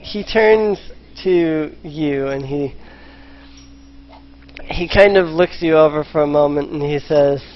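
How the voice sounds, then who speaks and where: Slow, hesitant male game master. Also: on the high side. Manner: hesitant, lots of ums and restarts. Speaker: dungeon master. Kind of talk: narrating a tabletop game. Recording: slightly muffled voice chat.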